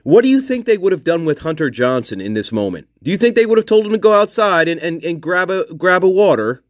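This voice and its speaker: A man delivers angry, profane commentary on a true-crime case, mocking others sarcastically in put-on voices and repeating himself for emphasis. His high voice is very animated and fast, recorded dry in studio quality.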